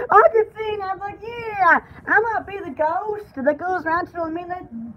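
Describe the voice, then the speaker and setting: A squealing, excitable poodle. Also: female voice, extremely high pitch, normal speed, lo-fi sound, slight background noise. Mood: excited. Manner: squealing, rambling, easily excited. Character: chattering pampered female poodle, excitable shopping-show host. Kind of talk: comic pet voice-over, home-shopping parody.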